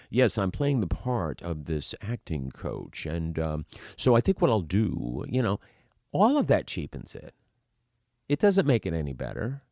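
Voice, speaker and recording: Animated man coaching actors. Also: lowish voice, no room sound, studio quality. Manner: animated, rhetorical, acts out examples. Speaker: acting coach. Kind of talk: teaching monologue.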